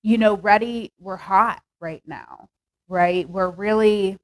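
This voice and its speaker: Young woman, tarot reader, upbeat chatty delivery full of fillers, mid-pitched voice. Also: slow pace, poor audio. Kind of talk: casual tarot reading to camera.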